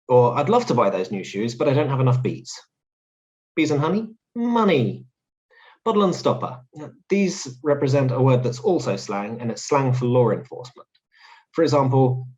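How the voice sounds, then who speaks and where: A man hosts a lesson, explaining words clearly and cheerfully. His voice rises and falls in a very lively way. The recording sounds a little dull and lo-fi. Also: medium pitch. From London. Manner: clear, explanatory, upbeat teaching tone. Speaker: English teacher host. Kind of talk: English vocabulary lesson.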